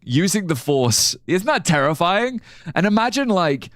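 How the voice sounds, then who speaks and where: A man's voice: high-pitched, very animated, unhurried, dry recording, clean studio sound. A young man streaming a game live, chatting loosely, swearing casually and laughing at his own ideas. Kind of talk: live gameplay commentary.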